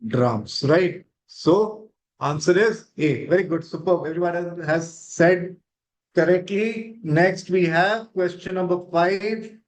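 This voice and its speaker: A man's voice: high-pitched, takes it slowly, rough recording. A man teaching an online grammar class, encouraging students and checking with "right?".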